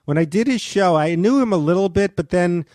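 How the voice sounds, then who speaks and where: A man telling a rambling, halting story as a guest on a casual podcast, self-deprecating and full of restarts. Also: sits high, animated, darkish tone, no room sound, clean studio sound. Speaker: comedian guest.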